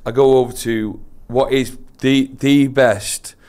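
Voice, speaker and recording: A young man co-hosting a podcast, telling an embarrassing story in a casual chat, laughing at himself, his voice swinging between loud and hushed. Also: mid-range voice, steady tone, takes it slowly, clear, resonant tone. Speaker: podcast co-host.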